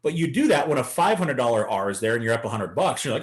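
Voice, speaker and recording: A man's voice: mid-range voice, very animated, fast talker. A man teaching a live beginner day-trading lesson, coaching and talking through chart examples. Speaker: trading instructor.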